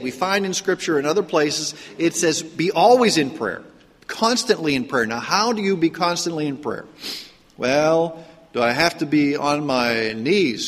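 A man's voice, on the high side and fairly bright, rings out with a long reverb tail in a church sanctuary. He's a pastor from Pittsburgh, Pennsylvania, with a trace of the accent, preaching conversationally and peppering it with rhetorical questions and restarts.

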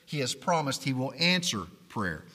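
A man preaching a sermon as pastor, earnest and pleading, often dropping to quiet emphasis. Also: medium pitch, very animated, normal speed, in a large hall.

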